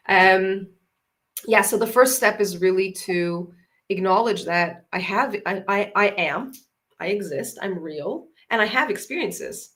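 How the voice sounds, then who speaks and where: A woman's voice: medium pitch, animated, takes it slowly, fairly bright tone. A woman psychologist and parenting coach talking earnestly on a video call, often repeating short affirming phrases. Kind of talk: conversational discussion.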